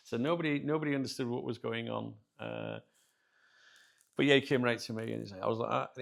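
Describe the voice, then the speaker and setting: A man with a British accent hosting his channel, telling a story casually to viewers, chatty and animated, laughing often. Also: mid-range voice, fast talker, gravelly. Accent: British English. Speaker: channel host.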